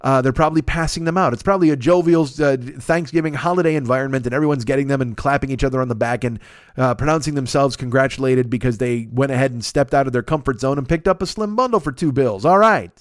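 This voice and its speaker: A man hosting a podcast, telling a long comic anecdote in a casual, profane, animated way into a close mic. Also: mid-range voice, fast talker, dry recording. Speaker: podcast host. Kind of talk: casual comedic storytelling.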